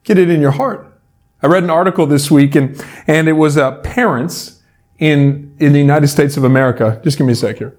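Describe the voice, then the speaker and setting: A man delivers a sermon in a relaxed, conversational way, joking a little as he goes. His voice sits slightly higher than most men's. He talks as if chatting with the listener. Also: brisk. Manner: conversational, playful, uses props. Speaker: pastor.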